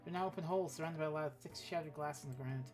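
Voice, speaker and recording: A low-voiced woman rattles through a text adventure at a very fast clip, reading the story aloud for her stream. She drops in offhand asides and the odd swear word along the way. Soft music plays faintly underneath. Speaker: streamer playing a text game.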